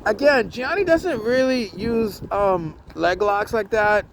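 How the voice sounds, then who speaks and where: A man's voice: high-pitched, lively intonation, takes it slowly. A man talks through a fight recap in a loose, offhand way, swearing freely and stumbling over his words. His speech is full of slang, "um"s and restarted sentences. A little faint noise sits under his voice. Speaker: vlogger reviewing a jiu-jitsu tournament. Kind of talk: casual rambling commentary.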